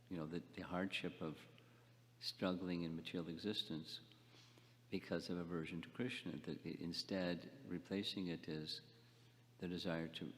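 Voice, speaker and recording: Older guy, deep voice, lecturing a class, lots of restarts, echoey hall sound. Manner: halting, repeats words, asks the class questions. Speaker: spiritual teacher.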